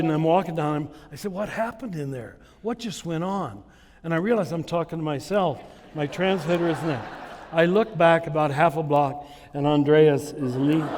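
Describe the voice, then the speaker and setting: A man giving a spiritual conference talk to a live audience. He tells stories at an unhurried pace and chuckles at his own anecdotes. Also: a little high, in a large hall, background noise. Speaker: conference speaker. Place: large hall with a live audience.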